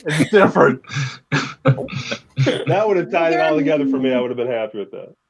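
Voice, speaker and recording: A man hosting a casual roundtable chat, telling jokes in a rambling, animated way. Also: on the high side, fairly quick, creaky, rough recording. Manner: joking, rambling, animated storytelling. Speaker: podcast host.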